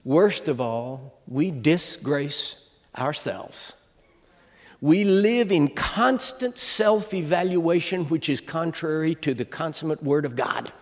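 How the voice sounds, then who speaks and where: An older man in his seventies delivers a humorous sermon in a high, bright voice. He tells his stories with comic timing and lets the big lines ring out as shouts. His voice carries long reverb from a large church sanctuary. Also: takes it slowly. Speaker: guest preacher.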